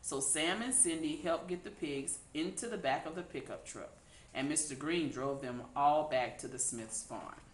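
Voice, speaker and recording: A woman reading a children's picture book aloud in an unhurried, expressive way. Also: low voice. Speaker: storybook reader. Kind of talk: children's read-aloud narration. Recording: echoey room.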